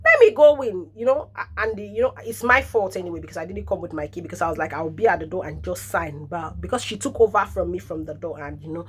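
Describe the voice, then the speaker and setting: A Nigerian woman in her thirties, a nurse, telling animated stories in a casual vlog, laughing often and dropping in pidgin interjections. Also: lowish voice, fast talker, few pauses, slight background noise. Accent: Nigerian English.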